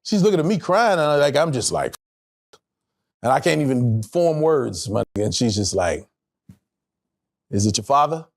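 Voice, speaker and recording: Animated, expressive man telling a story. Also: medium pitch, moderate pace, gravelly. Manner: animated, profane, emotional storyteller who acts out voices. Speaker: interview guest, actor. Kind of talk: candid interview storytelling.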